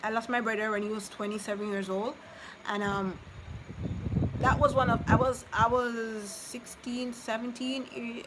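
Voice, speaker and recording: A woman in her thirties talking on a live stream, her voice set a bit high. She rambles and circles back in a heartfelt, personal way. There is steady noise under the voice. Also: normal speed. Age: 30s. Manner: rambling and heartfelt, repeating herself, talking to viewers. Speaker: vlogger reading live chat. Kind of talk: casual live-stream chat.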